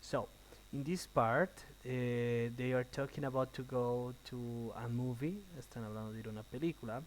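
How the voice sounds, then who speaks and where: A man teaching an English class, explaining slowly with uh and um between phrases and then translating quickly. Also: medium pitch, steady tone, slight background noise, rough recording. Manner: thinking out loud with uh and um. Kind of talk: recorded online class, switching between English and Spanish.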